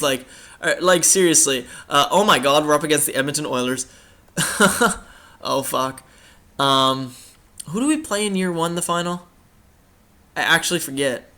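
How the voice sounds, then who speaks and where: A man's voice: a little high, normal speed, long pauses, bright, forceful tone. A young man casually commenting on a hockey video game as its host, rambling with many fillers and the odd swear. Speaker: gaming channel host.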